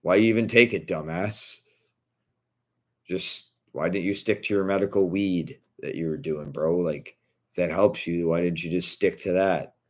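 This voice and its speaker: Man, very low voice, casual vlog rant, blunt, swearing. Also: normal speed. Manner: indignant, blunt, swears freely.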